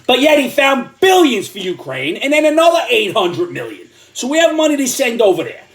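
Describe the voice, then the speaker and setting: An older man with a fairly high voice rants in a comedic, sarcastic tirade. His pitch swings widely as he works himself up, stumbling over repeated words. He sounds angry and mocking throughout. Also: huge pitch swings, a little fast. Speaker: comedic commentator. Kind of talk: comedic political rant.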